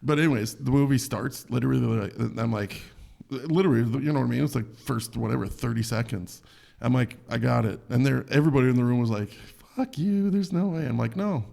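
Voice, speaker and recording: A man from Minnesota, a guest musician, telling animated stories in casual podcast chat and swearing freely. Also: medium pitch, quick pace. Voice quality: gravelly, husky.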